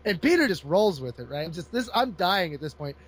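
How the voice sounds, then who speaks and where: This man talks briskly in a voice that sits high, chatting casually as he retells a comic book's story. Laughter and silly character voices fill his lively narration.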